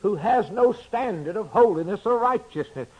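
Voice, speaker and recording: A man preaching a sermon, swinging between loud emphatic declarations and hushed, quiet asides. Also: high-pitched, animated, moderate pace, husky, dull audio.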